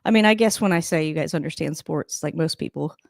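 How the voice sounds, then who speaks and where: A woman's voice: low voice, quick pace, creaky, dry recording. Chatty woman streamer, dry close sound. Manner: chatty and rambling, laughs often. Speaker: live-stream host. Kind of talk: casual live game reaction.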